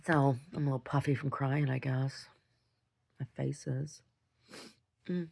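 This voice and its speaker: A woman's voice: extremely low pitch, fairly even intonation, a little slow, vocal fry, a little mellow, slight background noise. A woman telling a long story in a casual video diary, rambling, restarting her sentences and laughing often as she talks. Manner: laughs often while talking. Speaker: video diarist.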